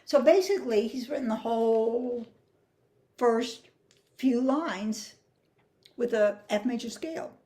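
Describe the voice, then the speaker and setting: A woman's voice: on the high side, animated, takes it slowly, pauses often, dark tone, slight background noise. An older woman teaching flute phrasing, explaining patiently and singing rhythms and counting beats aloud. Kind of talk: music masterclass.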